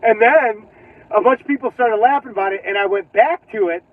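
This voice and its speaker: A man's voice: high voice, a little fast. A man hosting his own channel, chatting casually and rambling from his car, laughing often and trailing off mid-sentence. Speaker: channel host. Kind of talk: casual driving vlog chat. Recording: tinny phone-like audio.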